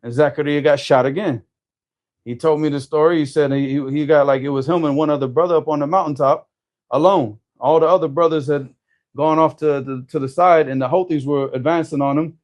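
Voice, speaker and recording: A man telling a story in casual conversation, animated, often restarting his sentences. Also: fairly high pitch, brisk. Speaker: storyteller guest.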